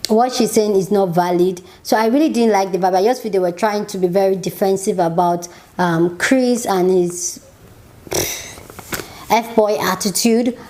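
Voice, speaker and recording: A woman's voice: mid-range voice, unhurried, warm tone. Chatty opinionated woman reviewing TV. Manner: chatty and opinionated, frequent "like" fillers; exasperated. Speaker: TV show reviewer. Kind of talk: casual reaction review.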